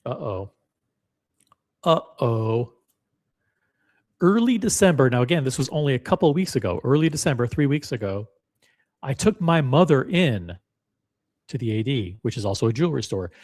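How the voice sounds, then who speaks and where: A man's voice: medium pitch, sing-song, normal speed, long pauses, a little mellow. Blunt, profane man hosting a live stream. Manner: blunt and profane, repeats himself, talks straight to chat. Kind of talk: casual live stream commentary, reading a forum post aloud.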